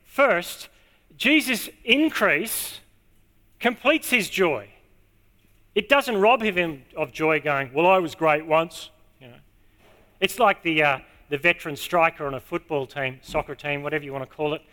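A man preaching a sermon to a congregation, stressing key words and repeating them slowly. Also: fairly high pitch, expressive, bright, forceful tone. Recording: long hall reverb.

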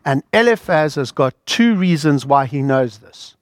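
A man preaching a sermon in an earnest, emphatic way, with dramatic pauses. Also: a little high, lively intonation, dry recording, studio quality.

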